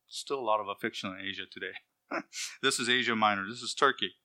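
A man preaching a sermon, reading scripture aloud and explaining it, slowing down to stress key words. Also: medium pitch, vocal fry, sharp tone. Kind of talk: expository sermon.

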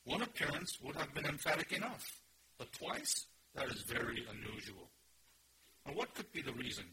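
A man preaching an expository sermon, emphatic, with sudden rises in pitch and loudness. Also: expressive, normal speed. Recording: noisy recording.

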